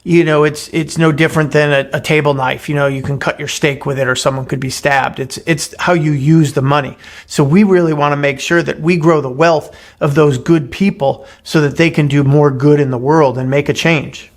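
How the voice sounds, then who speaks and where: A man's voice: on the high side, fairly even intonation, moderate pace, few pauses. A man co-hosting a podcast, talking earnestly in casual chat, often repeating words as he starts a sentence, and retelling a short fable. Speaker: podcast co-host.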